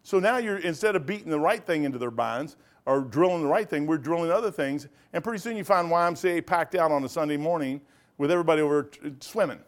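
A man teaching a Bible study in a rambling sermon style, animated, often laughing and digressing, with sudden loud bursts. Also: fairly high pitch, fast.

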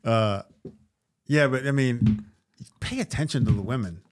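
A man with a medium-pitched voice speaks a little slowly, with a faint hiss or hum behind him. He's an actor and comedian appearing as a podcast guest, casually telling stories and acting out quotes in put-on voices.

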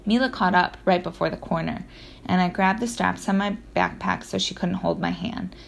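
A woman narrating a children's audiobook in the first person, in a lively storytelling manner with occasional self-corrections. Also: on the low side, normal speed, vocal fry, slight background noise.

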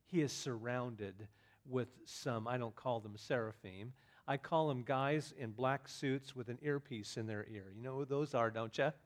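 A man preaching a sermon, dropping to soft asides and then rising to loud emphatic declarations. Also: medium pitch, measured pace. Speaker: pastor.

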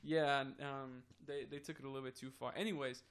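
A young man co-hosting a casual podcast rambles through a story, acting out everyone's dialogue. His medium-pitched voice is smooth and fairly bright, with fairly even intonation and a slightly fast pace.

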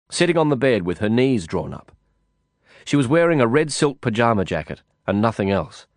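A man narrating a first-person novel in a measured, reflective storytelling manner. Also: lowish voice, no echo, studio quality. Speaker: audiobook narrator.

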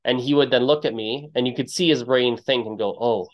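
A man hosting a casual podcast interview at an ordinary middle pitch. He tells stories in a loose, meandering way and acts out quoted lines with big leaps in pitch. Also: fairly quick, dull audio. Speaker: podcast host.

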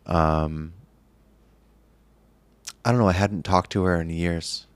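A man in his late twenties in casual chat, speaking haltingly and softly with many pauses. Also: sits low, fairly even intonation, smooth, dry recording. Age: 20s. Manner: halting, soft-spoken, many pauses and fillers.

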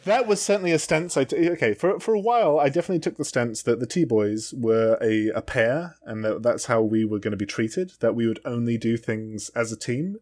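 A man's voice: medium pitch, a little mellow. Joking man co-hosting a podcast. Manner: joking, self-mocking, halting restarts. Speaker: podcast co-host. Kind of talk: casual podcast chat.

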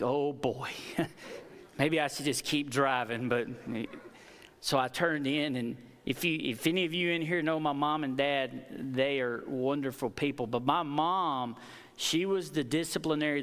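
A man with a fairly high voice delivers a sermon, dropping low and hushed for personal stories before climbing into emphatic, rising preaching. His words ring out with a long reverberant tail from a large hall.

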